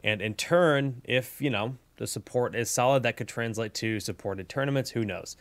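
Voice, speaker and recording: A man's voice: medium pitch, normal speed, no room sound. Upbeat chatty man hosting a gaming channel. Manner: upbeat, chatty, lots of fillers. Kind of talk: casual game news and strategy guide.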